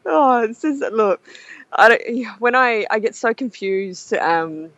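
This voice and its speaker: A woman's voice: on the high side, expressive, a little slow, fairly bright tone, no room sound, muffled recording. A young Australian woman with an Australian accent, chatting casually as a guest and telling funny stories with frequent laughs. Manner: bubbly, laughs often, tells anecdotes. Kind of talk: casual chat.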